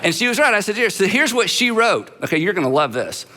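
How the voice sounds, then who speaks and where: Middle-aged pastor in a reverberant hall. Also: male voice, high-pitched, big pitch swings, bright, forceful tone. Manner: conversational, acts out quick dialogues, frequent restarts. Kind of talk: live leadership talk to an audience. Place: large church auditorium. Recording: long reverb from a large hall.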